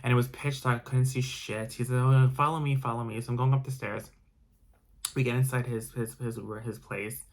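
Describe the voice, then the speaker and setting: A man's voice: mid-range voice, flat delivery, moderate pace. Guy rambling through a storytime vlog, lots of ums and restarts. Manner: casual, rambling with many restarts and fillers. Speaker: vlogger.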